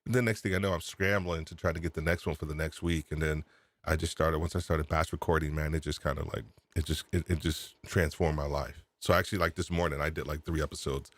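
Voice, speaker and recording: Deep-voiced excitable male podcast host. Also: quick pace. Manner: excitable, laughing, repeats himself. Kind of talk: casual live-stream chat. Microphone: USB desk microphone.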